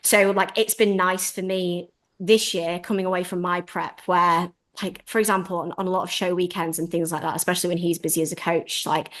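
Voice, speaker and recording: A woman's voice: lowish voice, steady tone, fairly quick, a bit bright. A woman, a bodybuilding coach chatting as a podcast guest, full of "like" and "um" fillers. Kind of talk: casual interview chat.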